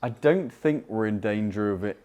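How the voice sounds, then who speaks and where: A British man working as a club fitter, explaining launch and spin numbers to a customer in a measured way, with restarts and fillers. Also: fairly low pitch, animated, darkish tone. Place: indoor golf fitting studio.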